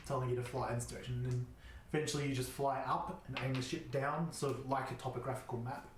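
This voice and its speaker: A man's voice: medium pitch, fast, slight background noise. Man running a tabletop game. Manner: relaxed, with many fillers. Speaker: game master. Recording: echoey room.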